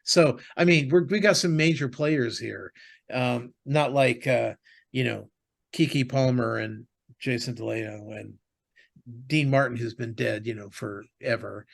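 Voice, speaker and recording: Co-hosting a podcast, a man with a gravelly, medium-pitched voice discusses shows and movies at a measured pace. The chat is casual and rambling, loaded with fillers and frequent restarts.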